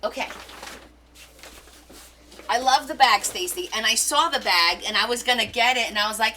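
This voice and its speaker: Bright-voiced woman gushing over gifts. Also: medium pitch, normal speed, long pauses, slight background noise. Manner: gushing, excitable, reads gift notes aloud. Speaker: craft livestream host. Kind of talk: casual live unboxing chat.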